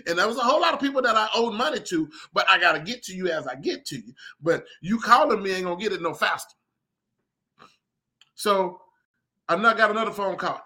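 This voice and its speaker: A man hosting a podcast, telling a story in a casual, animated way and speaking straight to his listeners. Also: sits high. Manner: animated, chatty, talks to listeners directly. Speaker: podcast host and leather craftsman.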